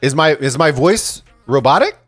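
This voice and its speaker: A man casting a strategy game tournament on a live stream, excitable and chatty, swearing freely as he reads viewer messages. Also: fairly high pitch, normal speed, no room sound, soft background music. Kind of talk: casual live-stream commentary and chat reading.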